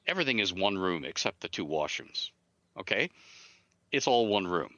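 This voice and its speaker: A man being interviewed as an author and game designer, telling stories in an animated way and acting out the dialogue. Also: deep voice, normal speed, no echo. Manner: animated storyteller who acts out dialogue. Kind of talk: interview storytelling.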